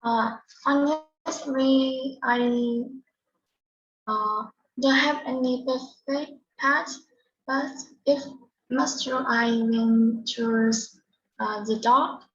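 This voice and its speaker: A woman learning English, giving a halting practice answer. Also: on the high side, steady tone, a bit bright. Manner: hesitant, halting. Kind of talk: spoken exam practice answer. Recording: dull lo-fi audio.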